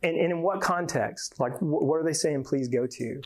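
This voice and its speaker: A man's voice: fairly high pitch, normal speed. A man from Georgia, giving a folksy, joking conference talk and often repeating words. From Georgia, USA. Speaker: conference speaker.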